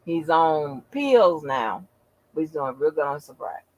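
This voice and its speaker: Lively, profane woman telling a story. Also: deep voice, a little slow, no echo, rough recording. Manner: animated, profane, acts out quotes. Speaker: channel host. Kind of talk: casual storytelling chat.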